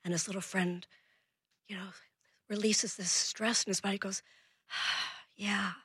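Husky lady on the radio telling a parenting story, acts out the lines, dry close sound. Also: medium pitch, normal speed, no room sound. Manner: animated, acts out dialogue in her story. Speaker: guest parenting expert.

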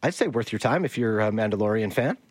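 A man co-hosting a radio show, chatting casually in an easygoing, chuckling, relaxed way. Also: fairly low pitch, fast talker, husky, dry recording. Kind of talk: casual chat on air. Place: radio studio. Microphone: studio microphone.

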